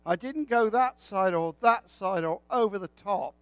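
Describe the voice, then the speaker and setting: A man's voice: sits high, a little slow, no echo. A man preaching a sermon with a folksy, joking way of telling stories.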